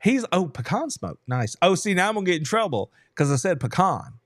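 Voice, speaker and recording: A man hosting a casual sports podcast, animated and laughing, with Southern turns of phrase, from Georgia. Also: high voice, brisk, no room sound, clean studio sound. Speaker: podcast host. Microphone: headset.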